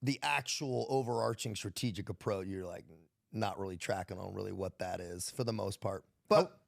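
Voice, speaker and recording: A man's voice: lowish voice, moderate pace, creaky. An American man, a military veteran guest, telling stories in a laid-back, profane way and laughing often. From United States. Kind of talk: casual podcast storytelling.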